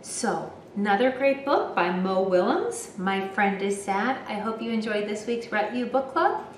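A woman's voice: mid-range voice, expressive, measured pace, slight background noise. A woman teacher reading a picture book aloud and explaining it to children. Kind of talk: children's read-aloud lesson. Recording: roomy, from a distance.

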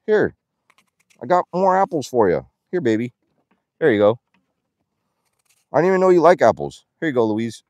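A man's voice: mid-range voice, big pitch swings, moderate pace, pauses often, a little mellow, no echo, highs cut off. A young man livestreaming casually outdoors at an animal ranch, reading donor names and talking to the animals. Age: young adult. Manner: chatty, reads donor names aloud, coos at animals.

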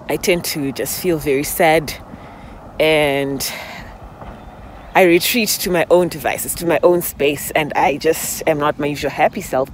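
A woman's voice: low-pitched, slight background noise. A woman vlogger talking heart to heart while walking outdoors, emotional and rambling, sometimes laughing through tears. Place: outdoors on a walk in public.

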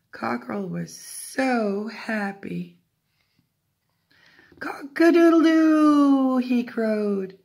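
An older woman, a grandmother, reading a picture book aloud to a small child, gentle, with whispered asides. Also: mid-range voice, vocal fry.

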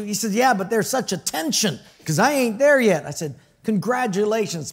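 A male pastor preaching a conversational sermon, telling stories and asking the congregation questions. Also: high voice. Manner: storytelling, conversational, asks the crowd questions; acts out quoted voices with laughter.

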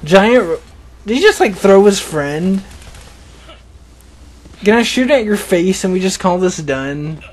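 High-voiced young man joking through gameplay. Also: lively intonation, unhurried, long pauses. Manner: rambling, joking, laughs at his own jokes. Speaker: gaming channel host. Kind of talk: casual gameplay commentary.

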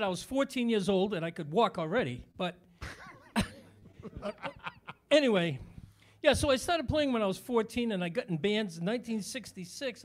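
High-voiced older man, rambling and easygoing. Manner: easygoing, rambling, chuckles between lines. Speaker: guest musician and entertainer. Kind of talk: casual interview chat.

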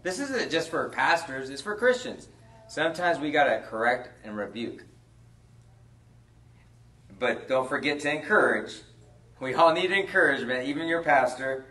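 A man preaching as a pastor in a conversational storytelling way, sometimes dropping quiet and slow. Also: mid-range voice, expressive, far from the mic. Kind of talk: sermon. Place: church.

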